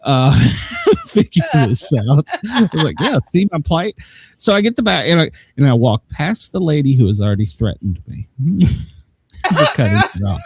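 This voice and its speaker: Husky man telling a rambling story. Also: a little high, wildly swooping pitch, moderate pace, no echo. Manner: rambling, laughs often, swears; acts out both sides of conversations. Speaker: live show host. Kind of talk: casual storytelling.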